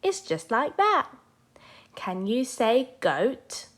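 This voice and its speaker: A woman teacher leading a children's phonics lesson, sounding out letters slowly and clearly. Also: on the high side, big pitch swings. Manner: slow, sing-song, sounding out letters for children.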